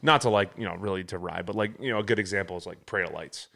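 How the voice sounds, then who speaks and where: Low-voiced man telling a story. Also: rapid-fire, creaky, sharp tone. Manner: storytelling, laughs often, acts out sounds. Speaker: podcast host. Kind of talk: casual chat.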